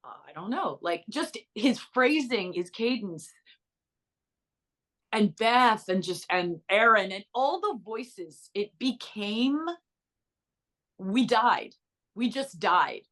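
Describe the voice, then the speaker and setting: Chatty middle-aged actress. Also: female voice, mid-range voice, animated, fairly bright tone. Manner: bubbly, storytelling with quick asides and laughs. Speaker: actress and author. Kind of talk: casual interview chat.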